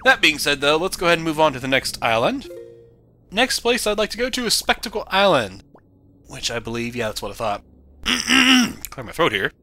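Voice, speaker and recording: Animated man narrating his gameplay. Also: on the high side, a little fast, soft background music. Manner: animated, bursts into loud excited yelling at the game. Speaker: let's play commentator. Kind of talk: casual gameplay commentary.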